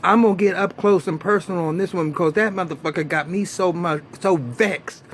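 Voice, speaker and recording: Guy ranting his tv review, kinda high voice, cussing a lot, faint hiss behind him. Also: brisk. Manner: animated, profane, exasperated ranting. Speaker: TV show reviewer. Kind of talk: casual vlog review.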